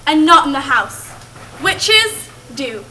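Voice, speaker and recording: A woman playing an old grandmother in an amateur stage play, telling scary witch stories in a slow, dramatic way. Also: high voice, very animated, pushed and bright, heavily acted. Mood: ominous. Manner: slow, dramatic storytelling with emphatic drawn-out words. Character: old grandmother warning of witches, storytelling, doting. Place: camp stage, audience hall. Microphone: far camera in the audience. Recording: distant camera, faint hiss.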